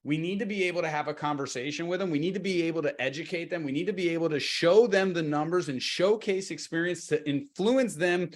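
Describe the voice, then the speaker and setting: Man, sales trainer, fairly high voice, casual webinar talk, acts out agent and client lines. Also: brisk, few pauses. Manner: energetic, conversational, acts out seller and agent lines. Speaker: real estate sales trainer.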